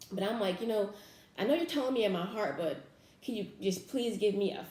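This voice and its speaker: A woman's voice: mid-range voice, brisk, a little mellow, reverberant. Earnest young woman telling a faith story. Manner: earnest, emotional, many fillers and restarts. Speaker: vlogger. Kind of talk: casual personal storytelling.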